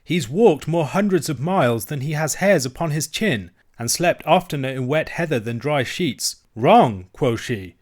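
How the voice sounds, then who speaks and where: A man reading aloud, voicing a fierce, roguish Highland outlaw with a Scottish accent, gruff and blustering. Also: lively intonation, normal speed, lightly acted. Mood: furious. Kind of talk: audiobook reading.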